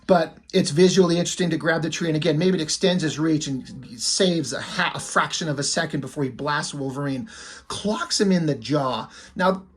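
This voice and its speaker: A man's voice: a little high, slightly rough. A man giving casual, profane commentary as he reviews a comic page by page, thinking aloud and lingering admiringly on the art.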